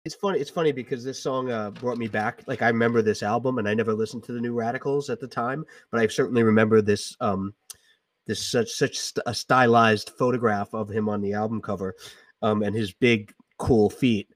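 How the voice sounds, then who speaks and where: A man's voice: mid-range voice, fairly even intonation, fairly quick, no echo, recorded from a distance. A middle-aged man talks through songs on a podcast, stopping and restarting often with plenty of ums. His voice sits a little back from the mic in a dry, dead room. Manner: hesitant, many ums and restarts. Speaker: podcast co-host, English teacher. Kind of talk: casual podcast chat about music.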